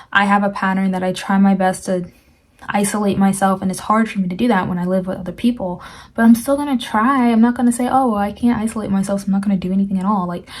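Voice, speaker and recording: A woman's voice: mid-range voice, a little mellow. A young woman sharing a personal Christian testimony in a casual, earnest way, urging listeners with repeated phrases and frequent fillers.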